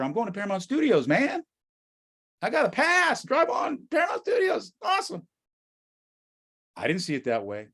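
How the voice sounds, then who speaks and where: An American man from the United States, middle-aged, tells stories as a guest speaker in a lively talk. He moves between quiet asides and near-shouts, and his voice is slightly high.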